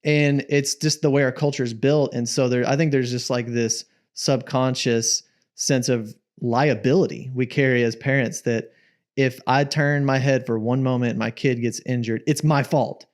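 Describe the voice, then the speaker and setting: A man's voice: mid-range voice, fairly even intonation, moderate pace. A man co-hosting a parenting podcast, reflecting and thinking aloud in casual conversation. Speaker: podcast co-host.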